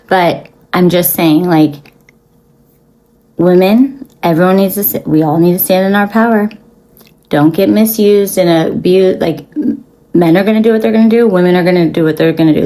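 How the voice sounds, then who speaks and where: A woman's voice: fairly low pitch, dark tone, poor audio. A young woman giving blunt, profane spiritual advice to her viewers, talking casually with lots of fillers. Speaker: spiritual reader.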